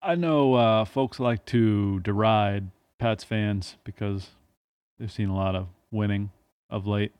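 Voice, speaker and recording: A man's voice: fairly low pitch, slow pace, darkish tone, clear, resonant tone, no room sound. A man co-hosting a casual sports podcast, speaking in a laid-back way. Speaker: podcast co-host.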